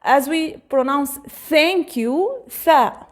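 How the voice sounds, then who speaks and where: A woman teaching the alphabet, repeating each letter slowly for the listener to echo. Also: high voice, animated. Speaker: Arabic teacher. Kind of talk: slow spoken alphabet lesson.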